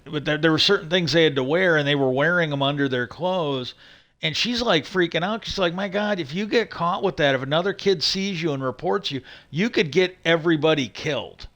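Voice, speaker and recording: A man's voice: mid-range voice, a bit bright, smooth. A man chatting casually as a streamer, rambling with many fillers, restarts and swearing. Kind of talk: casual chat.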